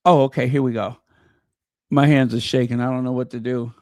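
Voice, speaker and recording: A man hosting a live stream, gushing excitedly to his viewers. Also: medium pitch, fairly quick, no echo, clean studio sound. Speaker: channel host.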